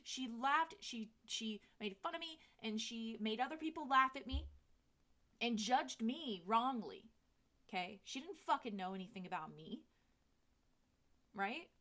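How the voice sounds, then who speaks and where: A woman's voice: a little high, fairly bright tone. A woman in her thirties giving a casual tarot reading, chatty and candid, swearing freely. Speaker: tarot reader.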